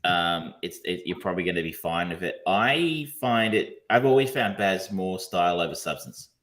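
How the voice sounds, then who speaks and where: A man's voice: sits low, expressive, moderate pace, a bit bright. A man co-hosting a podcast, talking casually and rambling, with frequent ums, restarts and casual swearing. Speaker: podcast co-host reviewing films. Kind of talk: casual chat.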